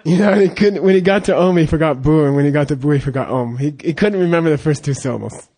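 A man who is a Buddhist monk, telling a teaching story casually, rambling and halting with fillers. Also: on the high side, mellow.

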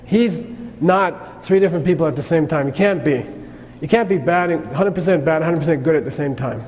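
High-voiced man teaching in a hall. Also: fairly quick, darkish tone. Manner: conversational, keeps checking in with "okay?". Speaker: Buddhist teacher. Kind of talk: lecture on karma. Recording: long reverb, faint noise.

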